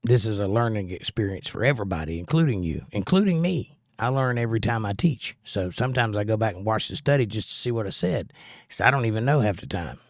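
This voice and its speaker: A middle-aged American man with a low-ish voice talks fast and animatedly in a dry, studio-quality recording. As a livestream host and Bible teacher, he chats plainly and earnestly with his audience while teaching about the Bible.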